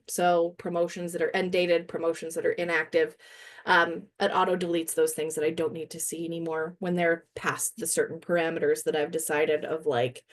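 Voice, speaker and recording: This woman's pitch is fairly low as she walks viewers through a software demo during a webinar. She's a trainer with a chatty, self-mocking manner, a bit out of breath and laughing from time to time.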